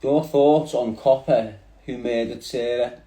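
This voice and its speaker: Scouse guy on insta live, rambly street slang, mellow voice, echoey room sound. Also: medium pitch, steady tone, measured pace. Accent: Liverpool. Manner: rambling, streetwise slang, addresses viewers directly. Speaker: livestream host. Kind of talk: casual livestream chat.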